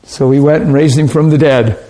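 A man's voice: a little high, fairly even intonation, fairly quick, warm tone. A man preaching a sermon in an earnest, conversational way, asking his listeners rhetorical questions.

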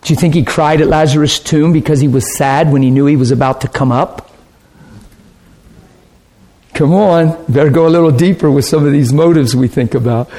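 A man's voice: on the high side, fairly even intonation, moderate pace, warm tone. A man preaching a sermon in an earnest, conversational way, asking his listeners rhetorical questions.

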